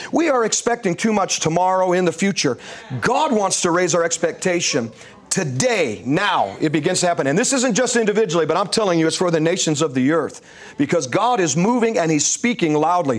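A man with a high, light voice speaks as a guest on a talk show. He delivers prophetic declarations in a slow, deliberate cadence that swells into loud, emphatic proclamations.

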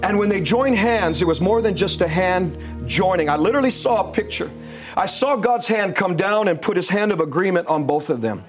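Guy with a high voice preaching prophecy on a talk show, slow and building loud. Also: expressive, faint music behind. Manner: rising into loud emphatic proclamations. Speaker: prophetic guest.

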